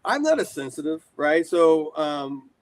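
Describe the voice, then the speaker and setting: A man's voice: on the high side, unhurried. An American man in his forties, a horror collector being interviewed, telling long rambling stories with lots of fillers. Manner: animated, rambling storyteller with many fillers. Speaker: guest, horror collector and shop owner. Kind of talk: casual storytelling interview.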